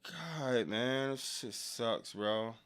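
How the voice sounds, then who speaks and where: A man hosting a live wrestling reaction stream and reading chat aloud. He swings between loud excited outbursts and low, frustrated mutters, and talks in casual slang. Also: drawn-out words, clean tone. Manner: casual slang, often ending lines with "dog" or "bro".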